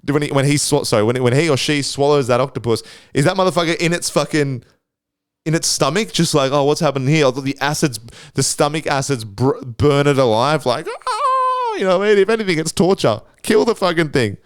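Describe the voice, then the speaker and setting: A man's voice: a little high, lively intonation, fairly quick, clear, resonant tone, no echo, clean studio sound. Rambling, foul-mouthed Australian man. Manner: rambling, crude, heavy swearing, many restarts. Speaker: podcast host. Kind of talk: casual solo podcast monologue.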